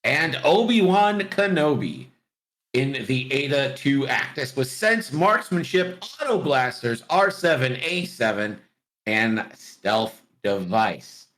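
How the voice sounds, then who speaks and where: A man chatting casually as a guest on a video call, talking fast and joking. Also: medium pitch. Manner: fast, animated, jokey. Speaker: guest commentator. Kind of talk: casual chat.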